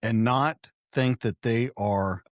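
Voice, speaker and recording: A man's voice: mid-range voice, slow, dry recording, clean studio sound. A man hosting a podcast, asking a guest thoughtful questions and rephrasing them as he goes. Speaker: podcast host. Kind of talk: interview questions.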